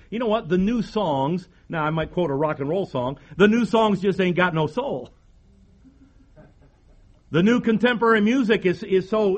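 A man preaching a sermon as pastor, emphatic, repeating phrases and firing rhetorical questions at the congregation. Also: high-pitched.

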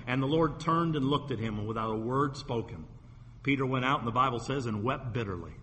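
A man's voice: mid-range voice, a little fast, a bit bright, slightly rough. A man preaching a sermon in a church, emphatic and repetitive, asking the congregation rhetorical questions. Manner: emphatic, repeats phrases for effect, asks rhetorical questions. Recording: long hall reverb.

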